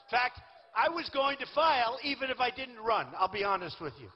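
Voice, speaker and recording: A man's voice: extremely high pitch, lively intonation, fairly quick. A man in his sixties giving a rambling, boastful campaign rally speech in a large venue. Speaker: political candidate. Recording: lo-fi echoey hall recording.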